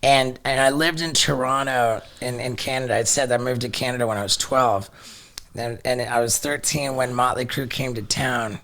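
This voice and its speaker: A middle-aged man telling a story as a podcast guest, excitable, swearing freely and repeating words as he goes. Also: medium pitch, normal speed. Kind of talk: casual storytelling.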